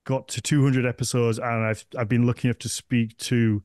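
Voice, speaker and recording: A man's voice: medium pitch, level tone, brisk, darkish tone, no room sound. Man, northern english accent, podcast host, rambling casual chat, dry close sound. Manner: chatty, rambling with restarts.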